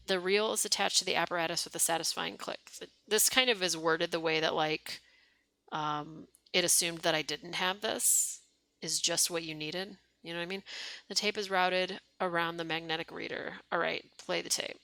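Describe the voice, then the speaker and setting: A woman's voice: fairly low pitch, fairly even intonation, moderate pace, creaky, bright, forceful tone, no room sound. A young woman streaming a game live, reading its text aloud with chatty asides and swearing.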